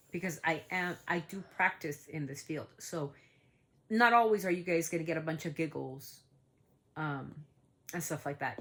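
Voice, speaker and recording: A middle-aged woman talks straight to her viewers in a casual vlog, earnest and preachy. Her voice sits on the low side, and she circles back over her points with emphasis. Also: a bit bright. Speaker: channel host, parent. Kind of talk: casual vlog talk to camera.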